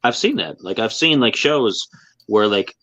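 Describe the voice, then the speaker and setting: A man's voice: on the low side, expressive, unhurried, fairly bright tone, dry recording, dull audio. A man co-hosting a podcast in casual chat, rambling with lots of filler words. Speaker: podcast co-host.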